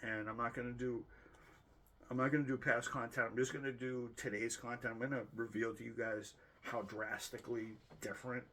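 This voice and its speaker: This Bostonian channel host talks a little fast in a mid-range, slightly bright voice with little pitch movement, against slight background noise. Reviewing his stats for the year, he rambles casually, cracks jokes and corrects himself.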